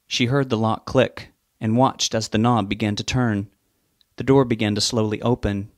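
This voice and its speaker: A man reading a novel aloud in a measured, steady way. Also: fairly low pitch, no room sound, clean studio sound. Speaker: narrator. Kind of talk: audiobook narration.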